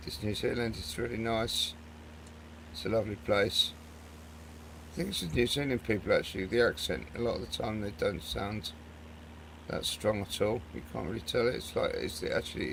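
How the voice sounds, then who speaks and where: Over slight background noise, a man with a lowish voice and vocal fry gives laid-back commentary on his flight simulator gameplay. He rambles as he flies and keeps addressing the viewer as "mate."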